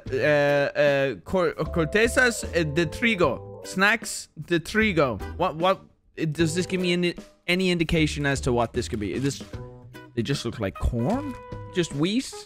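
Tasting and reviewing snacks for a casual vlog, a young man from Ireland rambles, cracks jokes, and turns mock-defensive now and then over faint music. His voice is fairly high and bright, expressive, and paced in a measured way.

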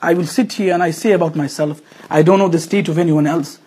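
A man delivering an emotional sermon to a mosque gathering, swinging from loud appeals to hushed lines. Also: fairly high pitch, fairly even intonation, quick pace, slight background noise. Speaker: preacher.

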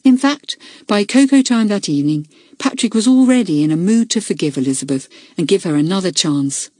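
A woman narrating a children's book in a clear, measured storytelling manner. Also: mid-range voice, lively intonation, darkish tone, dry recording, studio quality. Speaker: audiobook narrator. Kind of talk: scripted narration.

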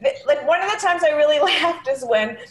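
A woman comedian in a casual chat. She tells stories in an animated way and laughs often, over a video call. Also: high-pitched, brisk, roomy sound. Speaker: comedian co-host.

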